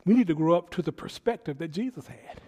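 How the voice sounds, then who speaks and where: A male pastor preaching a sermon, swinging between hushed asides and loud preaching and mimicking people in quoted voices. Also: on the high side, lively intonation, fast.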